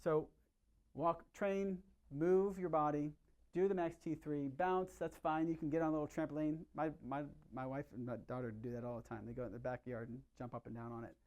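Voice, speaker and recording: A middle-aged man speaks with a voice pitched a little higher than most men's. He gives a lively, chatty health workshop to a room of patients, often checking in with quick questions to them. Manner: energetic, conversational, asks the audience questions. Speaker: chiropractor giving a health talk. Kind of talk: live workshop talk to patients.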